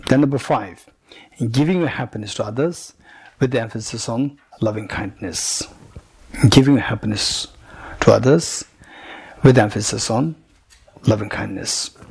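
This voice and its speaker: Buddhist teacher, male, gravelly husky voice, slow deliberate repetition of each teaching point. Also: mid-range voice, darkish tone. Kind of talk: retreat teaching, paused for interpretation. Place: retreat center teaching room.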